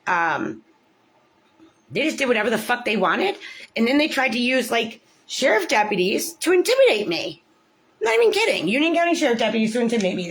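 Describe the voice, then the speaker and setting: An American woman in an angry personal rant, swearing often, filling with "like", and jumping up in pitch when she gets indignant. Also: fairly bright tone. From United States. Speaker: parent telling about her court case.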